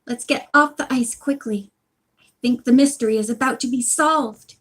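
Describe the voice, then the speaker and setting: A woman's voice: a little high, moderate pace, a bit bright, husky. A woman reading as an eager young girl detective. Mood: urgent. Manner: urgent, earnest.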